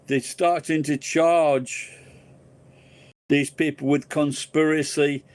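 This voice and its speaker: Man, live-stream host, casual chat, swears constantly, rambling, a touch high-voiced. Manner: profane, rambling ranting; tells crude jokes.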